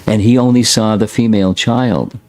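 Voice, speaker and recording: A man's voice: lowish voice, fairly even intonation, normal speed, darkish tone. A man teaching a scripture class, reading a passage aloud and breaking in with short plain asides. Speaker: spiritual teacher.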